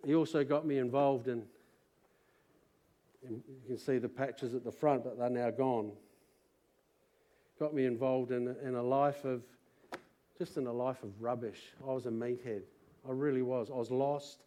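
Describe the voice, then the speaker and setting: A middle-aged Australian man preaching to a church congregation, moving from quiet personal testimony to loud rallying calls. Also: mid-range voice, steady tone, moderate pace, long pauses. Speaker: pastor. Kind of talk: sermon testimony. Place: church service.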